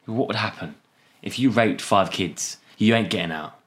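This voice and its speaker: A young man chatting casually on a podcast, telling an animated story with laughter and acted-out voices. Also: fairly low pitch, normal speed, husky. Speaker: podcast co-host. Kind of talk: casual chat.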